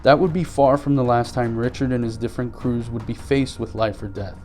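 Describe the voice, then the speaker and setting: A man reading scripted news narration in a measured, even way. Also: medium pitch, faint music behind. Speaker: news reporter.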